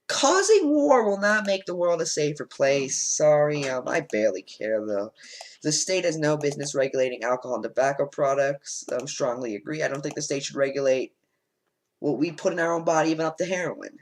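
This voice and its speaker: A man's voice: on the high side, expressive, moderate pace, poor audio. A man and let's play host, reading quiz statements aloud and answering them bluntly, with frequent ums, on a home desk microphone.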